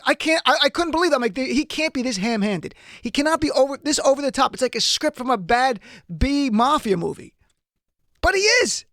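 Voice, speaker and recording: A man's voice: high voice, gravelly, fairly bright tone, dry recording, studio quality. A man hosting a political talk show, delivering a wry, incredulous commentary monologue straight to his listeners.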